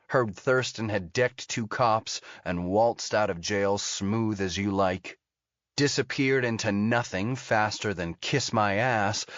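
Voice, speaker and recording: A man narrating an audiobook thriller in an even, steady storytelling manner. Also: lowish voice, dry recording. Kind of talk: scripted narration. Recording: dull lo-fi audio.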